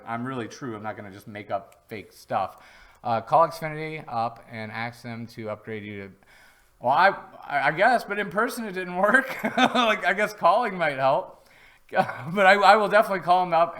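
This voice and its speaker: A man's voice: fairly high pitch, a bit bright. A man hosting a casual live-stream product review from home, chatty and rambling, with easy jokes. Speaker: host.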